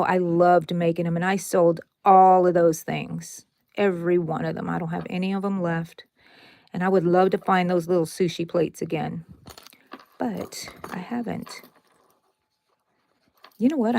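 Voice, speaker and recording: A woman's voice: lowish voice, gravelly, dry recording. A woman hosting a casual crochet tutorial, chatty and playful, who talks viewers through each step with little asides and exclamations.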